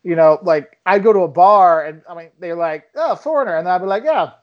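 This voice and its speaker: A young man on a podcast, telling travel stories in casual chat and acting out quotes in lively voices. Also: brisk, muffled recording. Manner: animated storyteller, acts out quotes with big pitch jumps. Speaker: travel video maker, podcast guest.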